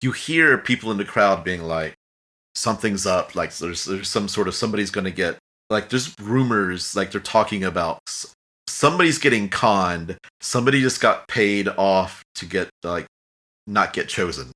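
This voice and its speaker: A man's voice: low voice, expressive, moderate pace, sharp tone. A man narrating a tabletop game as game master in a casual, rambling way, slipping into brief character voices.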